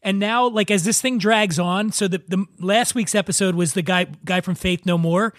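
A man's voice: sits high, moderate pace, no echo, studio quality. A man hosting a podcast, bantering and joking in a rambling, casual way. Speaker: podcast host.

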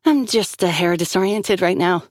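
A woman voicing a sharp, teasing young woman who is fond of him but impatient. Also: lowish voice, moderate pace, no echo, clean studio sound, lightly acted.

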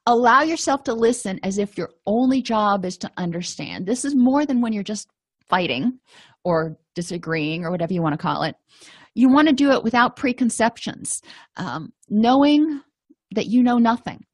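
A woman's voice: a little high, lively intonation, moderate pace, no room sound. A woman, a counselor, teaching a conversational lesson on empathy in relationships and acting out little quoted exchanges. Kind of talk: informal lecture on empathy.

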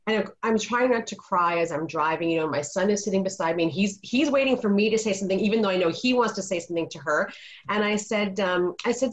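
A woman's voice: medium pitch, fast. A middle-aged woman on a video call, telling a parenting story in an earnest, casual way. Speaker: panelist. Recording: dull lo-fi video call audio.

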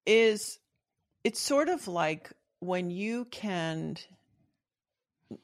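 A woman's voice: on the low side, lively intonation, extremely slow. A middle-aged woman speaking as a guest in a casual interview, reflective and earnest, often restarting her sentences.

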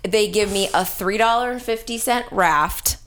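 A woman's voice: medium pitch, normal speed, a bit bright. A woman from Texas telling a long comic story in a rambling, profane, breezy way.

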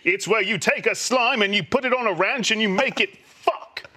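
A man putting on a pompous, plummy older English gentleman with a theatrical drawl, doing a comic impression. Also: high voice, moderate pace, heavily acted. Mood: pompous sign-off. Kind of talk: comic impression in casual chat.

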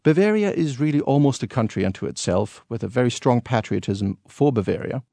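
A man with a German accent speaks as a radio guest, explaining in a relaxed, chuckling way. His voice is gravelly and mellow, recorded close and dry. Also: mid-range voice, brisk, dry recording. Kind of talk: radio interview.

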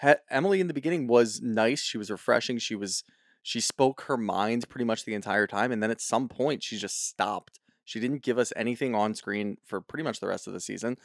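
A man's voice: lowish voice, fairly quick, no echo, studio quality. A man co-hosting a podcast, bluntly and profanely riffing on reality TV in casual chat. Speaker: podcast co-host.

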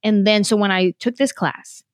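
A woman's voice: mid-range voice, moderate pace, dry recording, studio quality. A woman in her thirties from California, a comedian telling stories from her career in a casual interview. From San Jose, California. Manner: animated, quotes herself in little voices. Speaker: comedian guest.

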